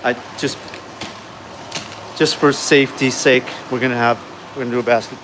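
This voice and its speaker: A man's voice: mid-range voice, fairly even intonation, normal speed, noisy background. A man from New York livestreaming as a delivery driver, chatting loosely with viewers from his car and a store on a phone camera. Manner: chatty, rambling, talks to chat viewers. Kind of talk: casual livestream chat.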